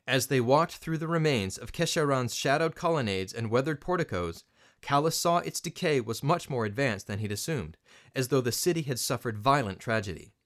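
A man narrating a story in a scripted, expressive reading. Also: mid-range voice, normal speed. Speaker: audiobook narrator.

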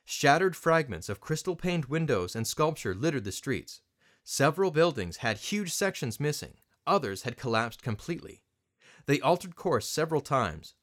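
A man reads a story aloud as an audiobook narrator, with a mid-pitched voice. His reading is expressive and animated, with a wide, lively melody. The narration is steady and scripted.

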